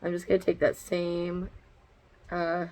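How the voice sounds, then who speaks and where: A woman's voice: lowish voice, completely flat delivery, measured pace, darkish tone, low-quality recording. A woman chatting bluntly in a casual makeup vlog at home, swearing freely as she talks through each step. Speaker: beauty vlogger. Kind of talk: casual get-ready-with-me chat. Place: her bedroom at home.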